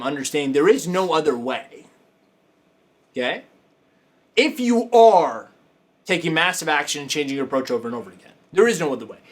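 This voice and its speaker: A man hosting a coaching talk show, speaking casually and emphatically, repeating himself for effect and swearing freely. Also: fairly high pitch. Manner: emphatic, repetitive, profane, laughing asides.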